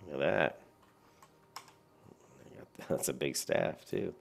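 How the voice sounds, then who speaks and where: Sleepy, gravelly deep-voiced man. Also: a little slow, long pauses. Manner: rambling, with many fillers and restarts. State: very tired, yawning. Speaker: gameplay commentator. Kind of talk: casual gameplay commentary.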